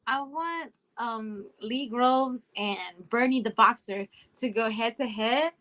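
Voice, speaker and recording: A woman's voice: on the high side, slow pace, fairly bright tone, poor audio. A woman co-hosting a boxing podcast, laid-back and joking in casual panel talk.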